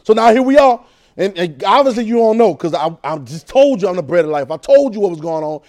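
Animated preacher man, quizzing his class. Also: high-pitched, quick pace. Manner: call-and-response, repeats phrases, asks the room questions. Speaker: preacher teaching a Bible class. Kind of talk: interactive Bible teaching.

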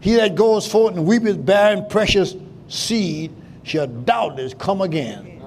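A man pastor preaching a sermon in call-and-response style, breaking into shouts, in a church. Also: sits high, expressive, unhurried. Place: church sanctuary. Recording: live church with congregation responding.

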